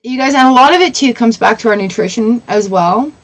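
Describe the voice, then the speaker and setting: A woman in her forties chatting casually on a tarot livestream, emotional and quick to laugh. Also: fairly high pitch, expressive, rough recording. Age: 40s. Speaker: tarot reader.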